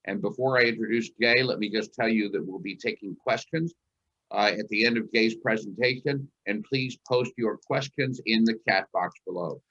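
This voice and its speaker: A man's voice: lowish voice, moderate pace, bright, forceful tone. A man hosting a virtual event, introducing the keynote speaker in a friendly way over a video call. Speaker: event host. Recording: dull, lo-fi call audio.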